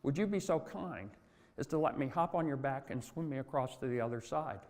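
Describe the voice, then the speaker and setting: A man's voice: medium pitch, lively intonation, a little fast, lightly acted. An older man voicing a sly, courteous male scorpion in a fable, coaxing and polite, in a hall with long reverb.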